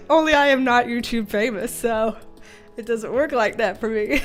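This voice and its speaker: High-voiced giggly woman streaming. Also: slow, long pauses, faint music behind. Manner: giggly, chatty, easily excited. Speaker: livestream host reading chat. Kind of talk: casual livestream chat.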